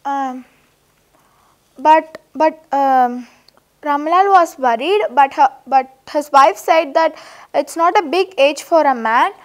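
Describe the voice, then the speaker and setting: Woman teacher, high-pitched, halting lesson narration. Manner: hesitant, repeats and restarts while paraphrasing. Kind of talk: reading and explaining a story lesson.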